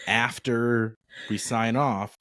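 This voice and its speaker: A man's voice: medium pitch, fairly even intonation, slow pace, a bit bright, clear, resonant tone, no room sound. A man from Nebraska co-hosting a podcast, chatting casually and upbeat with rambling asides. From Nebraska, USA. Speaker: podcast co-host. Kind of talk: casual chat.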